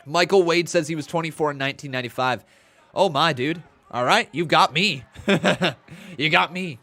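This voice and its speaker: A man in his twenties with a slightly high, fairly quick voice and a sharp tone is on a watch-along live stream. He reads chat aloud and calls the play-by-play, sounding a little tired and yawning.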